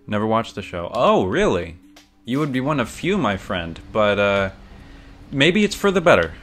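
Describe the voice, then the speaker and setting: A man's voice: fairly low pitch, very animated, moderate pace, a bit bright, soft background music. A man streaming a video game, chatting casually with lots of fillers and restarts. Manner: rambling, many fillers and restarts, banter with chat. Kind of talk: casual chat while gaming.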